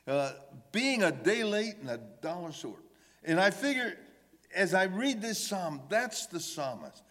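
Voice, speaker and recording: Preacher guy, slow and emphatic, a bit high-voiced, long hall echo. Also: big pitch swings, a bit bright. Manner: emphatic, voicing the psalmist's pleas with rising intensity. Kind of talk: sermon.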